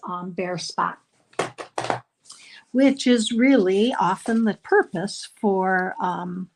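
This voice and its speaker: Slow-talking woman teaching card-making. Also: mid-range voice, a little hiss or hum. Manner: chatty step-by-step explaining with frequent ums. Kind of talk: live crafting class demonstration.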